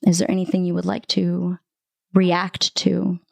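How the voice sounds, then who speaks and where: A woman narrating as game master, telling the scene with lively storytelling and plenty of fillers and restarts. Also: fairly low pitch, unhurried, vocal fry, dry recording.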